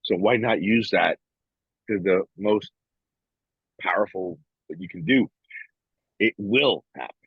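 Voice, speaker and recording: Low husky man talking bluntly. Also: lively intonation, slow, long pauses, dry recording, narrow, tinny audio. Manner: frank, blunt, swears freely; reflective, with many restarts. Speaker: podcast co-host. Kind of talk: casual podcast conversation.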